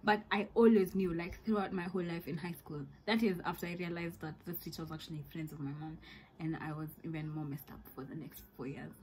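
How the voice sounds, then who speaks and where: A woman's voice: lowish voice, steady tone, brisk, darkish tone, rough recording. Kenyan girl doing a dramatic storytime vlog, lots of swahili slang, faint room noise. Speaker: vlogger. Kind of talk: storytime monologue.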